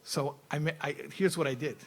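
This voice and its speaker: A man voicing a calm tailor in a told parable, explaining patiently. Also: fairly high pitch, brisk, close to an everyday voice. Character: calm, careful male tailor, king's friend.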